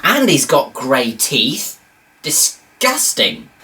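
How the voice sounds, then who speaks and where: A woman's voice: very deep voice, sing-song, normal speed, a bit bright. A woman giving comedic review commentary with sarcastic, incredulous asides.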